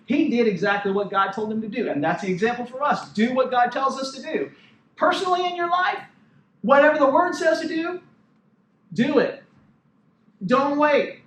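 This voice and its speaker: A man's voice: very high voice, moderate pace, long pauses, fairly bright tone, roomy sound, far from the mic, poor audio. A man preaching a sermon as pastor, talking conversationally and checking in with the congregation. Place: church sanctuary.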